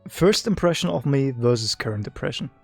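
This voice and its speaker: Man streamer, husky, rambling, teasing, casual home-stream talk. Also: medium pitch, animated, brisk, faint music behind. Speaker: streamer hosting a guest. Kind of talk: casual chat.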